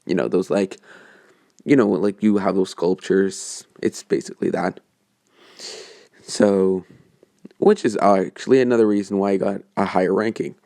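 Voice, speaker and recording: Rambling low-voiced man with gravelly fry. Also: fairly even intonation, normal speed, pauses often, dark tone, no echo, clean studio sound. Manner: rambling, hesitant, many fillers and self-corrections. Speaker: fan story narrator. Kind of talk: casual improvised storytelling.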